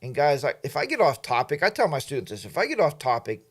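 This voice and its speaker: A man's voice: on the high side, huge pitch swings, fast talker, fairly bright tone. Rambling man hosting a casual livestream. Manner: rambling, admits he goes off topic. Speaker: livestream host. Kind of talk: casual livestream chat reading viewer comments.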